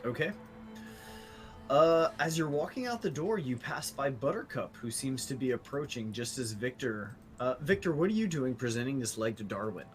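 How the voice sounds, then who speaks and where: A man's voice: mid-range voice, expressive, normal speed, soft background music, poor audio. A man narrating as game master of a tabletop game, casual and swearing freely.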